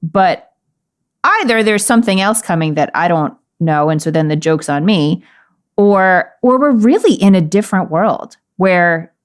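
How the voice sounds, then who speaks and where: A woman's voice: on the low side, expressive, unhurried. Woman podcast cohost, thoughtful, laughs easy, casual bible chat. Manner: thoughtful, musing, laughs easily. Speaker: podcast co-host. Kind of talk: casual discussion of a Bible passage.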